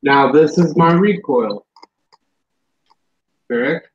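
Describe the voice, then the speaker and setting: A man's voice: a little high, takes it slowly, breathy edge. A man hosting a casual chat about vaping gear, blunt and swearing freely, on a dull lo-fi recording. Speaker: vaping show host.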